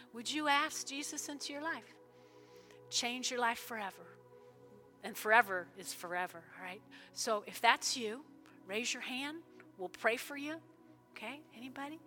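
A woman pastor preaching in a church service, fervent, with sudden loud bursts and soft prayerful stretches. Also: on the high side, moderate pace, soft background music. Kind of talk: sermon with altar call prayer.

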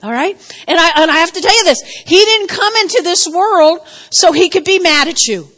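A woman pastor preaching a sermon, telling stories with animated, laughing delivery. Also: very high voice, normal speed.

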